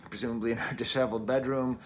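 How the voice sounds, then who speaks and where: A man's voice: medium pitch, fairly even intonation, rapid-fire, a little hiss or hum. Chatty man from New England reviewing records. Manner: chatty and wry, laughs at himself often. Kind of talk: casual spoken album review. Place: at home, early morning. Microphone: camera mic.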